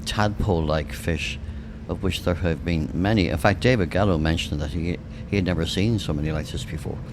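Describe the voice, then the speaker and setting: Deep-voiced Irish man, ship hum behind. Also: brisk. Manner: joking, playful. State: tired. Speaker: podcast guest, diver. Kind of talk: casual interview chat. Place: lounge of a research ship at sea. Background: ship engine hum.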